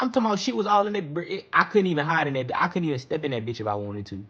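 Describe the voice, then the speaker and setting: A young man telling a casual storytime monologue in slangy, profane talk, often checking in with "you hear me?" and jumping high when he recounts panicky moments. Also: rapid-fire, hardly any pauses, pushed and bright, husky, lo-fi sound.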